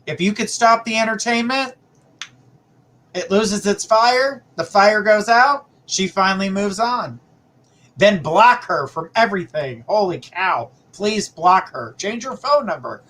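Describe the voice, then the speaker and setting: A man's voice: sits high, lively intonation, a little slow, pushed and bright. A man hosting a live psychic reading, giving blunt, emphatic advice with repeated phrases. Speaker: psychic reader, show host.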